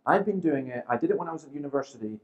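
A man in his fifties delivers a seminar talk in a lively storytelling manner. He slips into the voices of people in his anecdotes and keeps a dry, humorous edge throughout. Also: on the high side, very fast, highs cut off. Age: 50s. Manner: lively storyteller who acts out quoted people, with dry humour. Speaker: seminar speaker.

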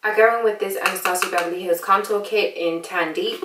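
Chatting playfully in a fake British accent, an American woman walks through a casual makeup tutorial, laughing a lot. She speaks briskly in a mid-range voice with fairly even intonation, captured by a distant mic in an echoey room with a noisy background.

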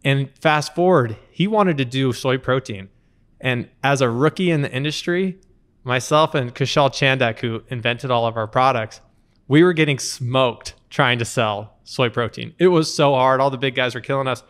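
Man, 30s, interview guest; lively storyteller, average pitch. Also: normal speed. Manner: lively anecdotal storytelling, acts out quotes. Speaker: company co-founder, interview guest. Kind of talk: conversational storytelling.

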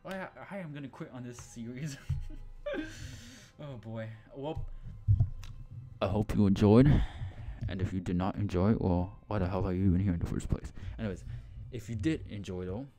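A young man hosting his channel, giving jokey, profane commentary while playing a horror game, muttering one moment and yelling in panic the next. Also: lowish voice, normal speed. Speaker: gaming channel host.

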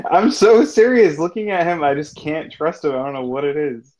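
A woman's voice: deep voice, animated, normal speed, dark tone. A woman in casual chat, making blunt, giggly remarks. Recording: dull lo-fi audio.

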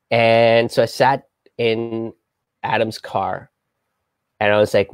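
A man casually telling a heavy personal story on a live stream, halting and restarting often and swearing freely. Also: on the low side, little pitch movement, clean tone, no echo, studio quality.

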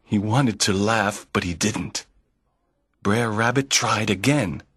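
A man narrating a folk tale slowly and clearly for language learners, in a measured storytelling manner. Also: on the low side, fairly bright tone, no echo, clean studio sound. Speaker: narrator of a graded reader. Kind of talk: slow scripted narration for learners.

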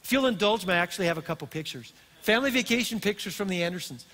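An older man preaching a sermon in a church, telling stories in an animated, storytelling way. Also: high-pitched, racing. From Colorado, USA. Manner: storytelling, animated and warm-hearted. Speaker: pastor. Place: church auditorium. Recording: long hall reverb.

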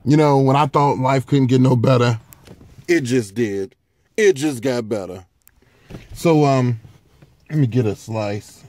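Excitable sleep-deprived man vlogging from phone. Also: mid-range voice, measured pace, long pauses. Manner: excitable, profane, gushing over food. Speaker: food-review vlogger, show host. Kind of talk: casual food review vlog.

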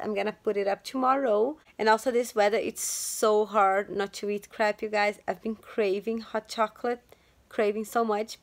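A young woman at home chatting in a casual daily vlog, excitable and talking straight to her viewers. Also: a little high. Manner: chatty and excitable, often says "you guys" to viewers. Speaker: vlogger, stay-at-home mom.

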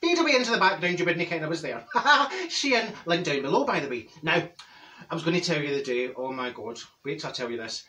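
A man's voice: a little high, expressive, quick pace, bright, forceful tone, recorded from a distance, slight background noise. Marjorie, a brash Glaswegian woman, as a man plays her. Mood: gossipy. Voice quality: chatty, gossipy storytelling with Scots words. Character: brash older Glaswegian woman, gossipy and cheeky. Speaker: comedy character host. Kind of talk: comic character monologue.

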